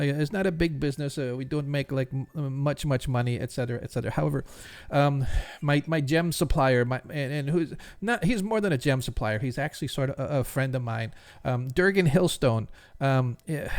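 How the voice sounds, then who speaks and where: A man's voice: medium pitch, a little mellow, lightly acted. A man voicing a nervous, stammering middle-aged male jeweler who is worried about a missing friend.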